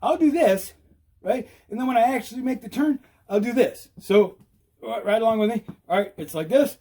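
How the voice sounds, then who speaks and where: Breathless husky-voiced man on a bike. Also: extremely high pitch, normal speed. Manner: animated, repetitive, demonstrative. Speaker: e-bike vlogger. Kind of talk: casual instructional talk.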